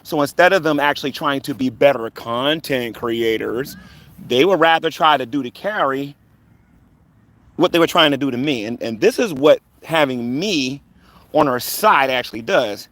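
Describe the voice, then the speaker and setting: A man's voice: mid-range voice, animated, moderate pace, a bit bright. A man running a live stream, taunting rivals in a combative, rambling rant full of fillers. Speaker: online commentator on a live stream.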